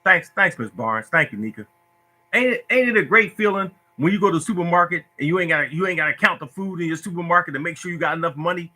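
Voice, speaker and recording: Man, livestream host on a phone, keeps repeating himself with feeling, slightly high and very bright voice. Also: fast talker. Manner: preachy, repetitive, emotional. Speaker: lottery tips host. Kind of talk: casual Facebook live talk.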